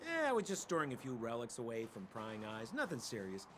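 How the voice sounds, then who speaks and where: An actor playing a sly, talkative male smuggler guide in a game cutscene, with smooth salesman patter. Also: mid-range voice, huge pitch swings, fairly quick, a bit bright.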